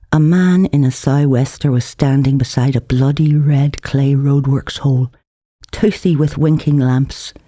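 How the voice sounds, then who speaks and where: A man's voice: medium pitch, warm tone, no echo, studio quality. A man reading his own novel aloud in a wry, vivid storytelling manner. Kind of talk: audiobook narration.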